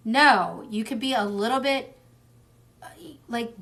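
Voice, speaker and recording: A young woman reads tarot cards on a casual livestream, talking bluntly, swearing freely and drifting into tangents, her speech full of "like" and "um." Her voice is fairly high and sharp in tone, and she speaks slowly.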